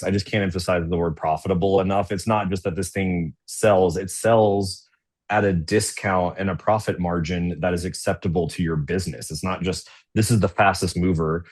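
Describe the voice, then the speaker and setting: A man's voice: sits low, slightly rough. A man presenting a business webinar in a casual, conversational way, often checking in with "right?" and talking into a computer mic on a video call. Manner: conversational, tags sentences with "right?".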